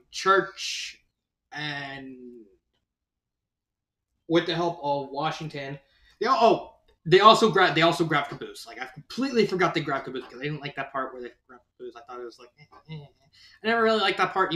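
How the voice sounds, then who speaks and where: A man's voice: a little high, bright, forceful tone. A man casually reviewing a fan story, rambling with many fillers and restarts. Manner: laughs at his own retelling. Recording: roomy echo.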